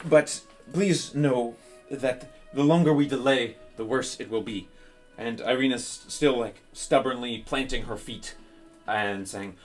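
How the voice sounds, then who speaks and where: Dude running a tabletop game, slow easy narration. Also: male voice, mid-range voice, soft background music. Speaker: game master.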